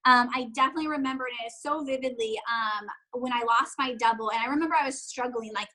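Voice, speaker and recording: A woman in her thirties talks fast and casually as an interview guest, leaning on "like" at every turn. Her voice sits high and comes across bright and forceful. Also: low-quality recording. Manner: fast, chatty, full of "like" fillers. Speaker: guest, network marketing distributor.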